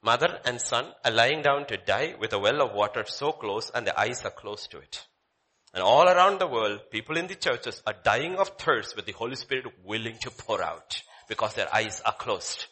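A man preaching a sermon, dramatic, swinging between loud declaiming and hushed low lines. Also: lively intonation, moderate pace.

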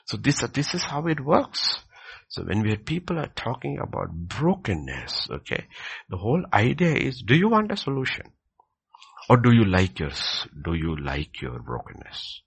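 A man's voice: huge pitch swings, moderate pace, gravelly, slightly rough. A man teaching in a question-and-answer session, preaching emphatically and repeating his key phrases. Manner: emphatic, repeats key phrases, builds from low murmur to ringing peaks.

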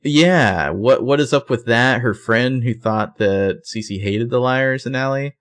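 Here a man co-hosting a podcast chats casually while recapping a TV episode one scene at a time, with fillers and self-corrections. His pitch is medium, his delivery unhurried, and his tone fairly bright.

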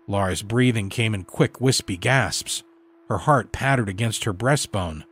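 Husky low-voiced male horror narrator. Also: fairly bright tone. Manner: measured, dramatic storytelling delivery. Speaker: story narrator.

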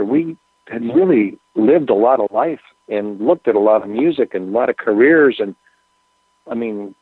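A man, a musician guest, telling rambling anecdotes in a relaxed, casual interview with plenty of fillers. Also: fairly low pitch, husky, no echo. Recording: tinny phone line.

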